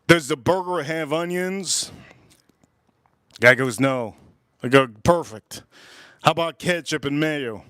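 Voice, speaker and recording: A man's voice: on the high side, takes it slowly, long pauses, fairly bright tone, clean tone, dry recording, studio quality. A man hosting a livestream, casually telling a rambling, laughing story, repeating himself and swearing now and then. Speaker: livestream host.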